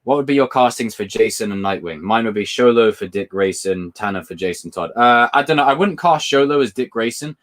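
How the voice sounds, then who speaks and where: Excitable laughing man hosting a live stream. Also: mid-range voice, fairly quick, hardly any pauses. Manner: excitable, laughs a lot while telling stories; reads viewer questions aloud and answers them. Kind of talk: casual live-stream chat answering viewer questions.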